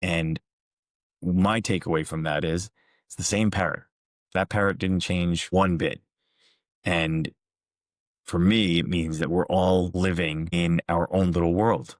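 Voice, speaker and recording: Calm, earnest and measured, a man with a very deep, low voice shares stories in a reflective motivational talk as a speaker and coach. The recording is close and dry, without any room echo.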